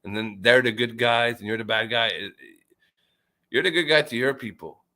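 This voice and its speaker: Man, mid-pitch bright edgy voice, sweary loud stammering ranter in a casual chat. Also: normal speed. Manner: loud, swearing, pitch jumping when riled; stammers and repeats himself. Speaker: chat participant. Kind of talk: casual profane rant.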